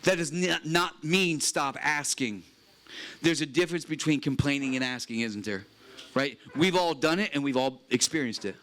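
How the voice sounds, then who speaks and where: A man preaching with earnest emphasis in a slightly higher-than-usual voice. He reads scripture aloud and circles back to key phrases, speaking to a retreat crowd in a chapel. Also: moderate pace, fairly bright tone, a little hiss or hum. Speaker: pastor. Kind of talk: sermon.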